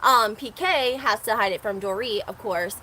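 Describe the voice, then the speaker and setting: A woman's voice: medium pitch, normal speed, sharp tone, a little hiss or hum. A woman with a Southern American accent hosting a casual gossip livestream, chatty and opinionated, often laughing between her points. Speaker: reality TV recap host.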